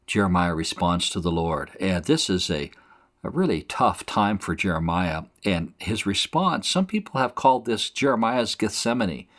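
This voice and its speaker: A man's voice: low voice, big pitch swings, moderate pace, fairly bright tone. A man teaching a Bible passage verse by verse, explaining it in plain conversational terms. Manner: explains scripture conversationally, acts out quotes.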